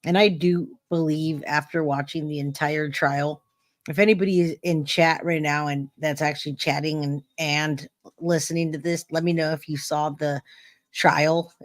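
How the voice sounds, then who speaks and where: A man's voice: a little high, fairly even intonation, normal speed, no echo. A man hosting a live stream, giving casual true-crime commentary and talking straight to his chat with lots of restarts. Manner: chatty, addresses chat directly, many restarts.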